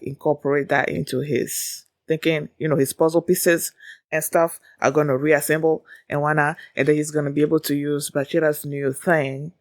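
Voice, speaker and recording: Lady chatting about anime, rambly, lotta likes and ums, kinda gravelly, dry room. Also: deep voice, dry recording. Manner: rambling, full of "like" and "um". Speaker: anime reaction channel host. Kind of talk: casual reaction chat.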